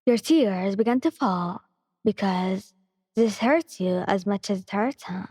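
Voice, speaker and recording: A woman narrating a fan-fiction story in a soft, steady ASMR reading voice. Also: mid-range voice, measured pace, slightly rough, no room sound, clean studio sound, big-room sound.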